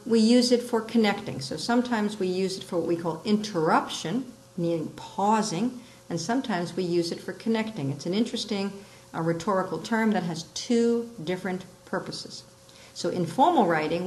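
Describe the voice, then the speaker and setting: A woman teaching rhetorical terms, explaining each one and acting out the examples with lively emphasis. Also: mid-range voice, poor audio. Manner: explains with examples, acts out quoted lines expressively. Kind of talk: recorded lesson on rhetorical terms.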